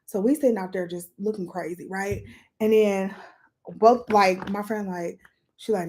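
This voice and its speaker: Woman spilling a story on her vlog, doing makeup, voice jumps up and down a lot. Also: normal speed. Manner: lively, animated retelling with sudden jumps in pitch and volume. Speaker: vlogger telling a story. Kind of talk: casual storytime chat.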